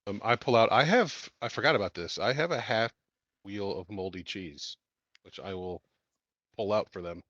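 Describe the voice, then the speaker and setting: A man's voice: on the low side, normal speed, a bit bright, no room sound, dull audio. A man playing in a tabletop game, talking casually and playfully. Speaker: player.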